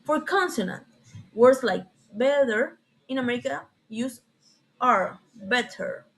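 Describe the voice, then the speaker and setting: A young woman student giving a class presentation, reading her points haltingly and correcting herself now and then. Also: high voice, expressive, rough recording. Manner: halting, careful, with frequent self-corrections.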